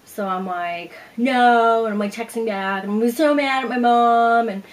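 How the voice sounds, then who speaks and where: A woman's voice: a little high, moderate pace, poor audio. A young woman vlogger casually telling a long personal story, acting out what people said. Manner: chatty, animated retelling with acted-out quotes. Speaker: beauty vlogger.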